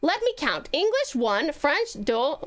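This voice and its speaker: Bubbly high-voiced Australian woman streamer. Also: big pitch swings, measured pace, a bit bright. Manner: bubbly, gushing, chatty with fillers. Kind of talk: casual live-stream chat.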